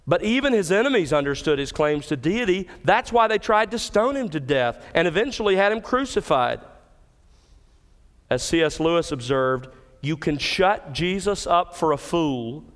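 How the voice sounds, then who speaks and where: A man preaching from the pulpit, his voice somewhat higher than most and smooth and resonant. He stresses key words with emphatic lifts. His voice rings out through a hall with a long reverb. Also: lively intonation, moderate pace, fairly bright tone. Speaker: pastor. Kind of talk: expository sermon.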